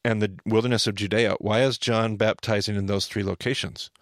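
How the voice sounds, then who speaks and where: A man's voice: fairly low pitch, fairly even intonation, brisk, no echo, clean studio sound. A man hosting a podcast, explaining things in a casual teaching style, emphatic and often correcting himself mid-sentence.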